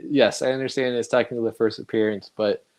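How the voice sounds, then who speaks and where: A man in a casual livestream chat, speaking at a mid pitch. He is relaxed and a little hesitant, restarting phrases as he thinks aloud. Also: fast.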